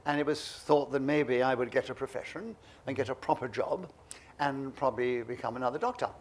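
A man in his eighties from England, a guest telling lively, self-mocking anecdotes in an interview. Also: medium pitch, brisk. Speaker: guest, memoir author.

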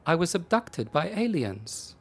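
A man puts on a composed woman in a storybook reading, her steady and precise, her voice pitched up and swinging lively over each phrase. She stays calm and matter-of-fact whatever she is asked. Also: unhurried, husky, exaggerated voice. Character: calm unflappable German woman abductee.

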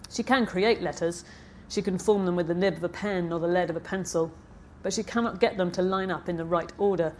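A woman's voice: on the low side, a little mellow, a little hiss or hum. Novelist reading her own work aloud, woman. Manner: chatty asides with fillers between readings. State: frog in her throat. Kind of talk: author reading at a live event. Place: festival stage.

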